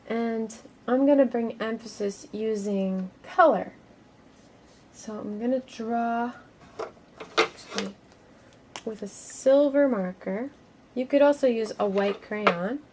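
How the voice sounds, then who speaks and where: Woman art teacher for a kids' lesson, unhurried and gentle, faint room hum behind. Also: medium pitch. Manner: slow, gentle and encouraging, speaking to children.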